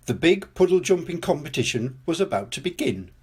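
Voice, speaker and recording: An older man reading a children's storybook aloud, gently and expressively, as storyteller. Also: fairly high pitch, sing-song, fairly quick, husky.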